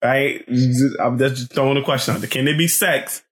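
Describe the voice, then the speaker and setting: A man's voice: mid-range voice, moderate pace, a bit bright. A man moderating a podcast, laid-back and jokey in casual chat.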